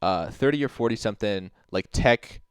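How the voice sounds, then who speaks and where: A man with a lowish, smooth voice hosts a casual livestream at normal speed, animated as he rambles, says "like" in nearly every phrase, and swears freely. He reads out and answers chat messages, and the sound is dry and close with no echo.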